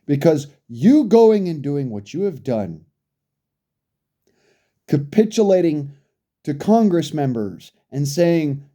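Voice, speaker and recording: Male commentator, angry profane rant, mellow low timbre, very animated pitch. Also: slow, long pauses. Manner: profane, furious, berating.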